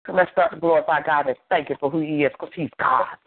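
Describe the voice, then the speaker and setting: A pastor preaches his sermon in a somewhat high male voice, driving points home through repetition and call-and-response. The sound is dry with no room echo, and it comes through narrow and tinny like a phone line. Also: fast, husky. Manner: emphatic preaching with repeated phrases and call-and-response.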